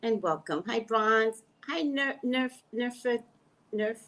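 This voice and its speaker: A woman's voice: fairly high pitch, slow pace, a bit bright. A middle-aged woman, a psychic reader, chatting casually with her live-stream viewers, exclaiming and laughing often.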